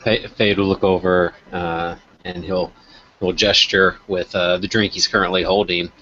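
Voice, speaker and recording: A man playing a tabletop game, describing his character's actions in a halting way. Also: sits low, flat delivery, pushed and bright, muffled recording, a little hiss or hum. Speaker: player. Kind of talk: casual tabletop play.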